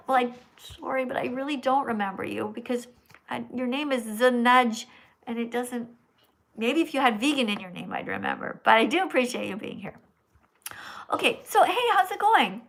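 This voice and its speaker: A woman hosting a live stream, reading donations aloud and lecturing slowly and bluntly. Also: high voice, a bit bright. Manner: blunt, scolding; slow, emphatic lecturing. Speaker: livestream host reading donations.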